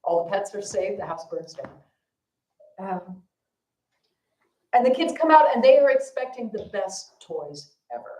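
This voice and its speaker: A woman dharma teacher tells a story at a family service in a casual, self-deprecating way, with easy fillers. Her pitch sits in the middle. The sound rings in an echoey temple hall. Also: animated, a little slow, long pauses, warm tone.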